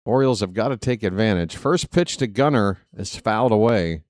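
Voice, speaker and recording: A man calling live baseball play-by-play for fans, excitable and jokey, talking straight to his listeners. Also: on the low side, fairly quick, no echo, clean studio sound. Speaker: fan play-by-play commentator.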